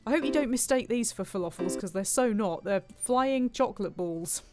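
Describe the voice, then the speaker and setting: A woman streams a cooking game, chatting playfully and reading viewer comments aloud in casual commentary. Her voice is a little high, animated, and a little mellow, at a normal speed, with soft music in the background.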